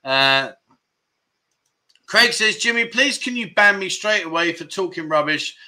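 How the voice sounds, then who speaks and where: A man's voice: sits high, animated, unhurried, bright, forceful tone. A man hosting a casual livestream, cheerfully greeting viewers one by one and chuckling often. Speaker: livestream host. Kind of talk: casual livestream chat reading comments.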